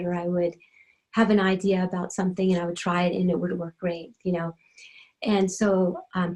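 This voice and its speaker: A middle-aged woman, an animal communicator, telling her own story in a gentle, chatty way, full of ums and you-knows. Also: medium pitch, low-quality recording. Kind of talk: personal storytelling talk.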